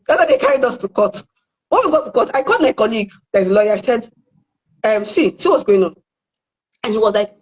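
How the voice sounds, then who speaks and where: Animated Nigerian woman telling a story. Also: high voice, rough recording. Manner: animated, acts out the people she quotes. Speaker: guest storyteller. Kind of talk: casual storytelling chat.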